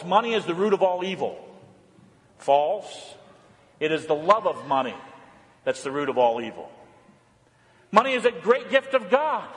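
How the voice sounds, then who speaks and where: High-voiced preacher in a reverberant church. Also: male voice. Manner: animated preaching, rising pitch for emphasis and dropping low and soft for reflection. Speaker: pastor. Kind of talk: sermon. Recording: long hall reverb.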